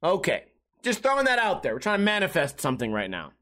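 Talking fast, a young solo podcast host tells rambling, profane, self-mocking stories in a casual monologue. His voice is high, pushed and bright, with huge swings in pitch.

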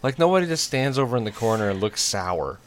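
A man's voice: medium pitch, very animated, quick pace, a crowd in the background. A middle-aged man, chatting casually in a rambling, jokey way. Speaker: co-host. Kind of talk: casual chat.

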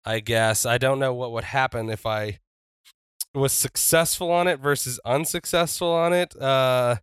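A man playing a tabletop wrestling role-playing game, animated and often laughing. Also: mid-range voice, unhurried, smooth, dry recording, clean studio sound. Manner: animated, laughing, shouts in character. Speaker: player.

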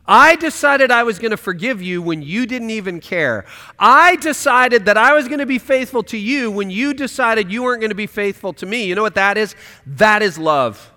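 Impassioned preacher in a reverberant hall. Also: male voice, high-pitched, animated, moderate pace. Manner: impassioned, swings from loud to hushed. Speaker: pastor. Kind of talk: sermon.

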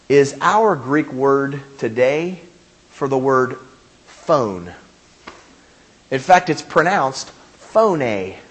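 A man's voice: mid-range voice, husky. A man preaching a sermon as pastor, speaking emphatically with repeated phrases and questions to his congregation.

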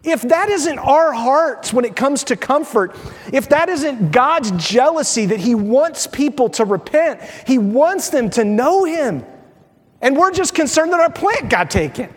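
A man preaching a sermon as pastor, telling the story with lively mock voices. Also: very high-pitched, measured pace. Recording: long reverb of a large hall.

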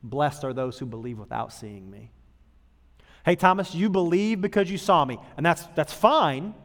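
A man's voice: fairly high pitch, animated, moderate pace. Man preaching casually in a reverberant hall. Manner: conversational and humorous, acting out quoted voices. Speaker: pastor. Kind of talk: sermon.

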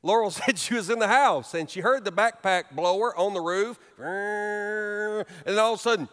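A middle-aged man preaching a sermon as pastor, telling humorous stories with animated delivery in a church sanctuary. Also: high-pitched, normal speed. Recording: long reverb of a large hall.

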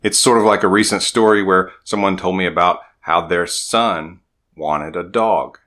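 A middle-aged man, a relationship coach, explaining things to the camera in a calm, steady advice monologue. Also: low-pitched, normal speed.

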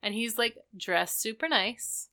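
A woman's voice: a little high, animated, unhurried, bright, forceful tone. A woman co-hosting a podcast, casually recapping a TV episode in a chatty way with many filler words. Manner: chatty, lots of "like" fillers, acts out characters' lines. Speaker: podcast co-host.

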